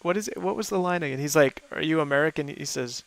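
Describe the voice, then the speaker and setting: A man hosting a co-op game stream, chatting casually and easily with friends, laughing often and thinking out loud as he plays. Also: on the high side, animated, fast, creaky, no echo. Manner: thinks aloud with fillers. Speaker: gaming host playing with friends. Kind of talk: casual chat while gaming.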